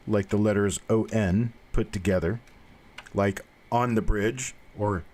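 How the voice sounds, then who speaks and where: An older man with a somewhat low, darkish voice hosts a live coin roll hunting show, chatting loosely and folksily at an unhurried pace. He rambles from story to story, cracks the occasional corny joke, and speaks to viewers plainly and reassuringly.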